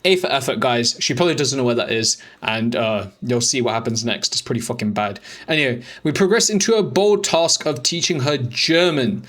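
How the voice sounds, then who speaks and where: A young man rattles through chat screenshots at a quick clip, in a middling-pitched voice. He mocks and swears freely as he explains his dating tactics to viewers. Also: animated, a bit bright. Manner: profane, mocking, rapid-fire banter. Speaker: dating coach. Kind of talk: voice-over commentary on chat screenshots.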